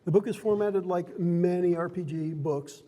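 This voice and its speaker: A man with a fairly high voice leads a tabletop game as dungeon master. He explains the rules to newcomers in a friendly, teaching tone and laughs easily. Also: normal speed, warm tone, in a large hall, dull audio. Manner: friendly, instructive, laughs often. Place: card and game store.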